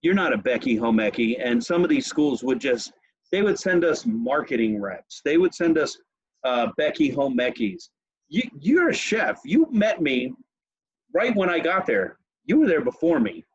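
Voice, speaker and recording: Husky guy hosting a podcast, swears a lot, dull dry sound. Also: medium pitch, moderate pace, dry recording. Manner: profane, animated storyteller. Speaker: podcast host. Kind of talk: casual chat.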